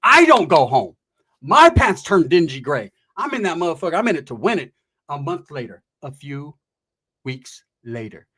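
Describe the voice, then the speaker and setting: A man's voice: a little high, very animated, normal speed, sharp tone, slightly rough. A man doing streetwise, profane storytelling stand-up comedy in a rambling, casual manner.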